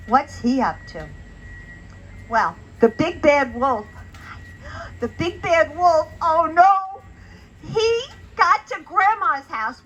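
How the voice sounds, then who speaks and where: A woman's voice: sits high, a bit bright, slight background noise, low-quality recording. A woman telling a children's story, asking her young listeners questions as she goes.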